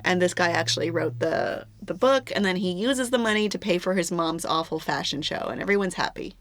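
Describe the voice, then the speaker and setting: A woman's voice: fairly low pitch, brisk, a bit bright, dry recording. A woman co-hosting a podcast, chatting casually about a movie in a teasing, dry manner. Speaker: podcast co-host.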